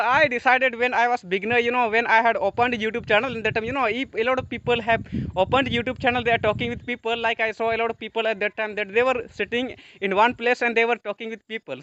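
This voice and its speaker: Fast-talking man in dull lo-fi recording. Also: very high voice, bright, forceful tone. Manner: rapid, filler-heavy non-native English. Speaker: YouTube host. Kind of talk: casual conversation. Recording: dry, dull lo-fi sound.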